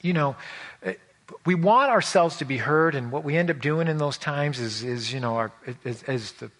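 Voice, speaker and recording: A man preaching a conversational sermon, telling personal stories in an animated, folksy way with frequent repetitions and restarts. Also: on the high side, moderate pace. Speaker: pastor.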